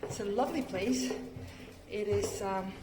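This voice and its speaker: A woman's voice: medium pitch, a little slow, background noise. A woman, a language teacher explaining words in a casual vlog, chatty and full of "okay" and "um".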